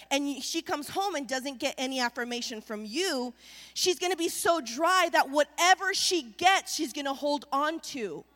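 High-voiced woman preaching in a hall. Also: moderate pace. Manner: animated preaching with call-and-response. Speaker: pastor. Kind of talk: sermon.

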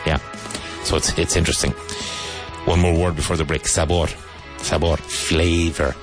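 A man hosting a radio-style English lesson, repeating words slowly and pointing out which syllable takes the stress. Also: extremely low pitch, flat delivery, over music. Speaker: English teacher.

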